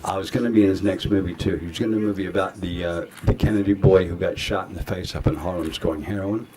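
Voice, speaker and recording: Low-voiced older man telling rambling anecdotes. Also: steady tone, fast, mellow. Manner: rambling anecdotes with acted-out quotes. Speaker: guest actor. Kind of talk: festival Q&A storytelling. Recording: audience noise in a festival hall.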